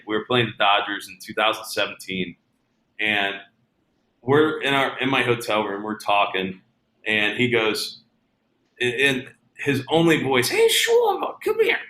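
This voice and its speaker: Man with a bright voice in an echoey room. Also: mid-range voice. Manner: relaxed storyteller, many fillers and restarts. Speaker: baseball player guest. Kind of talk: casual interview chat.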